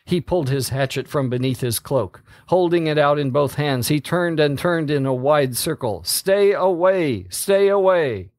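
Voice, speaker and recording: A man reading a story aloud as narrator, in a slow, steady delivery. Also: medium pitch, no room sound, clean studio sound.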